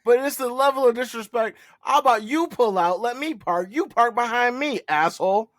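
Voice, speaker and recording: A man's voice: extremely high pitch, moderate pace, no room sound. A man co-hosting a podcast, swearing freely while telling stories in casual chat. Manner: profane, animated storytelling. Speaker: podcast co-host.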